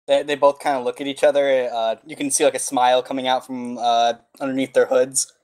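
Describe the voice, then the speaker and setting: A man's voice: medium pitch, little pitch movement, a little fast, darkish tone. A man narrating as game master of a tabletop game, laid-back and full of fillers. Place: home, over an online voice call.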